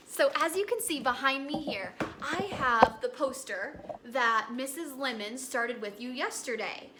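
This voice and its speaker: A young woman teaching a recorded lesson to kindergartners in a gentle, encouraging storytelling way. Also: high voice, normal speed, few pauses, a little hiss or hum.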